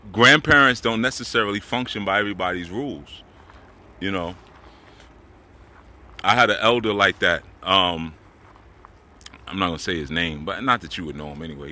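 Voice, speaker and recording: A man's voice: on the low side, bright, forceful tone. A man telling stories in a laid-back, rambling way with slang while walking outdoors in the woods. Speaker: spiritual teacher. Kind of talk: casual talk while walking.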